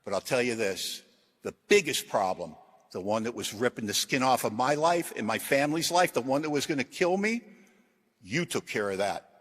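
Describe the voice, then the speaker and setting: A middle-aged man giving a recovery talk to a large audience, telling self-deprecating stories with punchy one-liners and shifting from loud jokes to quiet earnestness. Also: mid-range voice, expressive, moderate pace. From Washington, USA. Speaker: AA convention speaker.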